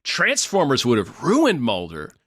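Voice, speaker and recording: A man co-hosting a podcast, chatting casually about a film, animated and laughing often as he riffs. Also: mid-range voice, unhurried, no echo, studio quality. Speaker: podcast co-host. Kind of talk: casual movie-review chat.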